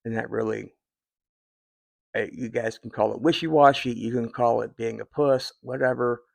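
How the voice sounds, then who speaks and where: Gravelly-voiced man in his fifties. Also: mid-range voice, steady tone, moderate pace, no room sound. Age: 50s. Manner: rambling and heartfelt, with many fillers and restarts. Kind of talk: casual personal talk to viewers.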